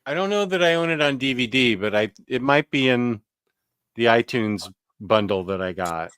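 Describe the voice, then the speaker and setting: A man's voice: medium pitch, animated, moderate pace, fairly bright tone, smooth, no room sound, clean studio sound. A man hosting a casual live chat about comics, laughing often and greeting viewers. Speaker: host.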